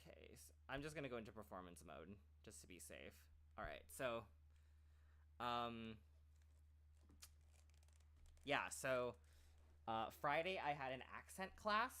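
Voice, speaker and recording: A man of average pitch chatting casually to his stream. He rambles and restarts his sentences, with "like" dropped in all the time. His delivery is loose and unscripted. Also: very animated, moderate pace, bright, forceful tone. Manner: rambling, full of "like" fillers and restarts. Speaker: streamer and aspiring voice actor. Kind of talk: casual chat.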